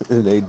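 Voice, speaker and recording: A man's voice: mid-range voice, warm tone, a little hiss or hum. A man joining a casual political chat, making sarcastic, dry asides.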